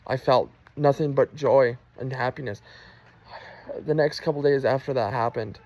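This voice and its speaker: A man's voice: mid-range voice, moderate pace, a little mellow, rough recording. A man telling his personal faith testimony in an earnest, emotional way. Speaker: Christian testimony vlogger.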